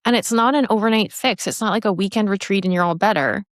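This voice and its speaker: Podcast host, woman in her 50s, lively emphatic storyteller, dry close sound. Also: medium pitch, fast talker, no room sound. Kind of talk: casual chat, storytelling.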